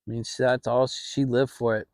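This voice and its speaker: A middle-aged man hosting his own channel, telling a family story in a relaxed, rambling way with frequent restarts. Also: medium pitch, moderate pace, dry recording. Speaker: channel host. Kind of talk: casual storytelling. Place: home, relaxed fireside setting.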